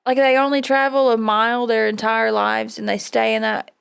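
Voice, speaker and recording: A woman podcast host talks casually with a fairly high, gravelly voice that still comes through smooth and clear. She is blunt and swears freely, and the sound is close and dry. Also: flat delivery, normal speed, dry recording. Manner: blunt and profane, laughs often.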